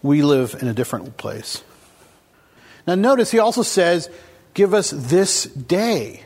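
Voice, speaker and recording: A man's voice: on the high side, big pitch swings, unhurried, a little mellow, breathy edge. A man preaching a casual, conversational sermon to a congregation, asking them questions as he goes. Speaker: pastor. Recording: long hall reverb.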